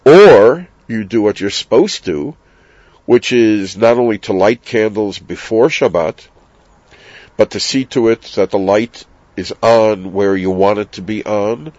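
A man giving a slow, deliberate and emphatic Torah lesson on Sabbath law. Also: lowish voice, a little mellow, dry recording. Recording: dull, dry, lo-fi sound.

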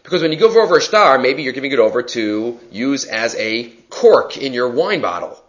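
Bright-voiced man teaching a text class. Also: medium pitch, sing-song, moderate pace, muffled recording. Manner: reads text aloud and explains it conversationally; answers student questions. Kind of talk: Talmud class lecture.

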